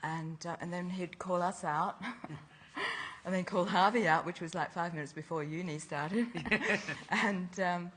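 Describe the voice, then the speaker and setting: A woman's voice: on the low side, slow, fairly bright tone, a little hiss or hum. An older woman, a fashion designer, telling stories from her youth in a casual interview, laughing often. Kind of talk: casual chat.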